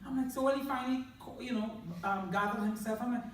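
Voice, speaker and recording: A woman counselor tells jokey stories to an audience in a fairly high voice. She is picked up from well off the mic in a very echoey hall, with a faint noise underneath. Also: quick pace, far from the mic. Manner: jokey anecdotal storytelling. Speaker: counselor giving a talk. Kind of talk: humorous talk to an audience.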